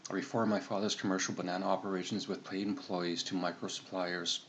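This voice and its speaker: Deep-voiced deadpan man narrating. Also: brisk, a little hiss or hum. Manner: deadpan, matter-of-fact, with self-corrections. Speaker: storyteller. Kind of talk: comedic monologue narration.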